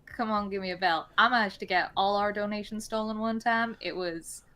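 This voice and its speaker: A woman's voice: medium pitch, fairly even intonation, a little fast, background noise. A woman playing a tabletop game, speaking in character in a casual, reassuring, joking way. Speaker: player. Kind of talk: in-character tabletop role-play.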